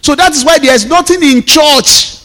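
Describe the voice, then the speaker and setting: A man's voice: extremely high pitch, normal speed, sharp tone. A man with a Nigerian accent, a pastor preaching an emphatic sermon told through personal stories and proverbs. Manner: emphatic storytelling, mixes in Yoruba proverbs.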